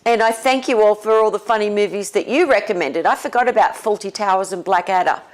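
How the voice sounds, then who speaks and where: A woman spiritual teacher talking casually and leading a guided meditation, relaxed and often laughing. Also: mid-range voice. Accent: non-American English. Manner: slow, relaxed, with frequent laughs.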